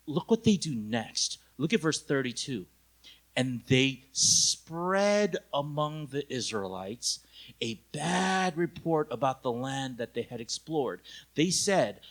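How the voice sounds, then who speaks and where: A young adult male pastor preaching a lively retreat sermon, talking to his listeners directly, asking them questions and acting out the quoted voices with big jumps in loudness. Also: mid-range voice, slow pace. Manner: conversational, asks the audience direct questions.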